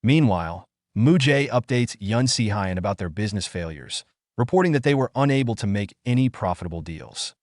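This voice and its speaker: A man's voice: fairly low pitch, animated, fairly quick, no echo. Man narrating a comic recap, dry sound.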